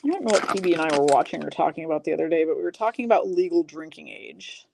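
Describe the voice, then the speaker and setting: A woman's voice: deep voice, big pitch swings, vocal fry, a little mellow, a little hiss or hum. A woman hosting a live card break stream, chatty and self-mocking. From Michigan. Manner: chatty, self-mocking, rattling off names quickly.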